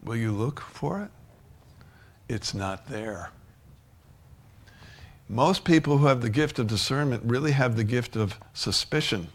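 A man's voice: medium pitch, animated, a little slow, long pauses, slight background noise. A male pastor preaching a sermon in a conversational way, often restarting sentences and chuckling.

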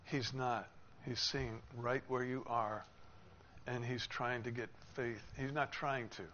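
A man's voice: medium pitch, takes it slowly. A man preaching a sermon, explaining a passage and acting out the people in it with rising emphasis. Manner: expressive, acts out quoted speakers with rising emphasis. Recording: slightly dull with faint noise.

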